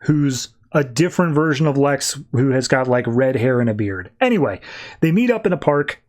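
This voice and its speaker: A man hosting a podcast, recapping comics in a casual, wry, offhand way and slipping into quick character voices. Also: mid-range voice, lively intonation. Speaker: podcast host.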